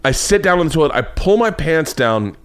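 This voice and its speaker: A man hosting a podcast, telling an embarrassing childhood story as a swearing, animated comic monologue. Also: brisk, clear, resonant tone. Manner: animated, swearing, jumps into high excited pitch for punchlines. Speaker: comedian and podcast host.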